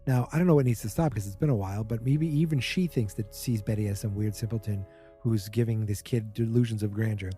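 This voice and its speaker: A man's voice: lowish voice, quick pace, warm tone, faint music behind. A man hosting a podcast, casually recapping a TV episode in a chatty, wry way and mimicking the characters' lines. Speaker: podcast host.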